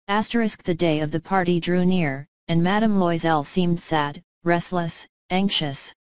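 Smooth low-voiced woman narrating a story. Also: no echo, rough recording. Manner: calm, measured storytelling. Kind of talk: scripted narration.

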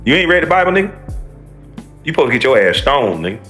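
A bright, animated man ranting. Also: mid-range voice, fast, soft background music. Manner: profane, heated, preachy rant. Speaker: reaction commentator. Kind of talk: ranting reaction commentary.

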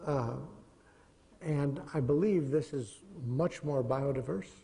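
A middle-aged man lecturing a class in a relaxed, digressive way, his voice gravelly and mellow. He sits a little high in pitch for a man. The sound carries a long reverb from the lecture hall. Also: takes it slowly. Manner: conversational, digressive, chuckling.

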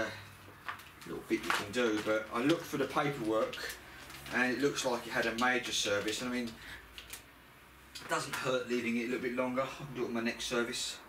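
A man's voice: medium pitch, very noisy. Chatty man in a roomy garage. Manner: chatty, grumbling, matter-of-fact. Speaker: motorbike mechanic vlogger. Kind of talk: casual working commentary. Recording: roomy sound from a distant camera mic.

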